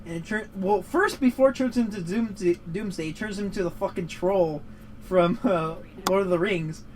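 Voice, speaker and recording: His voice sits high with a darkish tone, and he speaks at a moderate pace on a rough recording with slight background noise. As co-host of a gaming show, he rambles through casual commentary, swearing and ranting hotly about a movie.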